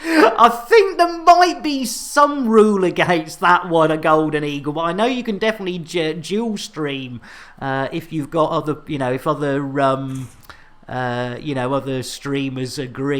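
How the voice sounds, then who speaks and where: Male streamer, cheeky and chatty, playful live gameplay commentary. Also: fairly high pitch. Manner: jokey, innuendo-laden, chatty with viewers. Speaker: game streamer.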